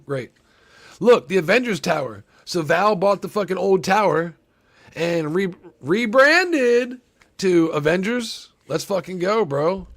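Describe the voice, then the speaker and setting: A man hosting a casual trailer reaction, talking in a rambling, profane, excitable way with lots of restarts. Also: a little high, creaky. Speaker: movie reaction host.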